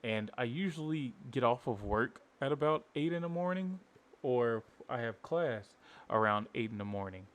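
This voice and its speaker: A man in his twenties telling a story casually, rambling with lots of filler words. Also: medium pitch. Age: 20s. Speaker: vlogger.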